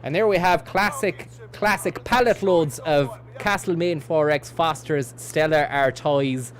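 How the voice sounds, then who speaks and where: A man with a higher-pitched voice talks a little slowly while streaming a game, giving casual let's-play commentary. He rambles, swears casually, and reads out chat messages to answer them.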